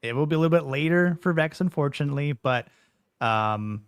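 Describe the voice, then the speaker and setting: A man's voice: on the high side, lively intonation, fairly quick, smooth, dry recording. A man hosting a casual podcast discussion, hesitant and full of fillers and restarts. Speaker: podcast host.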